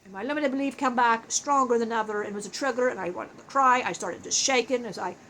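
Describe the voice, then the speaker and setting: A woman telling an emotional spiritual life story in a halting way, often breaking off and restarting her sentences. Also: on the high side, a bit bright, a little hiss or hum, poor audio. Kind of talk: channeled personal storytelling.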